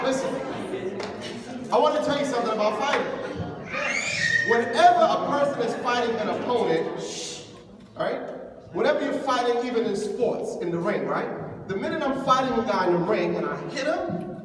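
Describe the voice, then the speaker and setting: A man giving an animated lecture to young people, acting out the voices of the people he quotes. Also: high-pitched. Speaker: imam giving a youth lecture. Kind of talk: lively motivational lecture. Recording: echoey hall from far off, faint noise.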